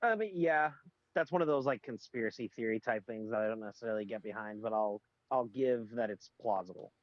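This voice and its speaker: A man's voice: fairly low pitch, a little fast, no echo. Opinionated man ranting on lo-fi audio. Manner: animated, opinionated ranting with frequent restarts. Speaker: podcast co-host. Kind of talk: casual chat.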